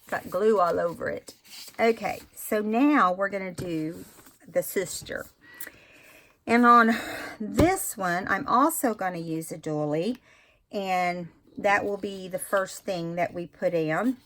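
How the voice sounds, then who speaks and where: A woman's voice: mid-range voice, slow, fairly bright tone, a little hiss or hum. A woman hosting a casual crafting tutorial, chatting to viewers and correcting herself as she works. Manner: chatty, self-correcting, talks to viewers while working. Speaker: craft video host.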